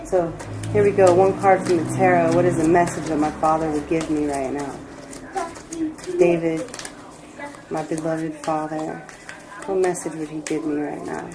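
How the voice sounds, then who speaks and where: A woman giving a personal tarot reading, reflective and emotional, rambling with pauses. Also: low-pitched, background noise. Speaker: tarot reader.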